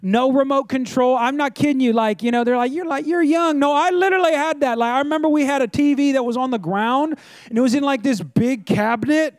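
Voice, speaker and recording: Male pastor, middle-aged, very high voice, dry close sound; storytelling sermon delivered straight to the congregation. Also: a little fast, dry recording. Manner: chatty storytelling, addresses the audience directly. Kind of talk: conversational sermon.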